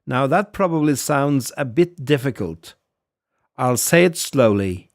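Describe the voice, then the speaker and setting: Slow, patient male language teacher. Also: medium pitch, animated, dry recording, clean studio sound. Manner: slow, patient, repeats phrases for learners. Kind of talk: scripted audio language lesson.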